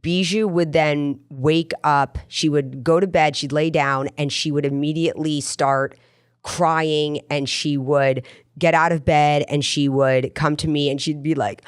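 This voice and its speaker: A woman hosting a podcast speaks in a noticeably low voice. She tells a personal story in an earnest, rambling way, circling back and restarting as she goes. The sound is dry and close. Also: fairly even intonation, unhurried, clean tone, no echo. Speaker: podcast host. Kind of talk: casual podcast chat.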